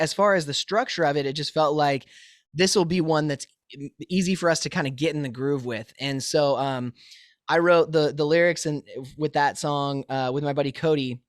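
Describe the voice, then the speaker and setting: A male musician being interviewed over a remote call from his home studio, telling stories in a lively, easily laughing way. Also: on the high side, normal speed, dry recording. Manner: animated storyteller, laughs easily. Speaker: musician guest. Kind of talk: casual interview chat.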